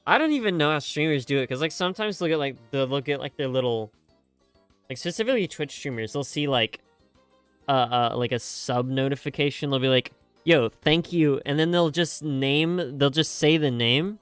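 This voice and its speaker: Rambling young male streamer, smooth voice. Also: a little high, normal speed, a bit bright, dry recording, faint music behind. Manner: rambling, jokey, self-mocking, many fillers and restarts. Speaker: streamer reacting to game music. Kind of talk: casual live-stream chat.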